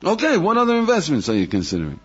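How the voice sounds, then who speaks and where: A rabbi teaching a class to a live audience in an animated, questioning way, chuckling and acting out little dialogues. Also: male voice, sits high, racing, breathy edge. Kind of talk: lively lecture to a live audience. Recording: dull lo-fi archival lecture tape.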